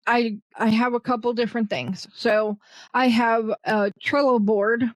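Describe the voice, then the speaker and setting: Woman guest, blunt and self-deprecating, higher voice, dry close sound. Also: fairly even intonation, measured pace, dry recording, low-quality recording. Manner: rambling with fillers and restarts. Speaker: guest, virtual assistant. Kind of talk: casual interview conversation.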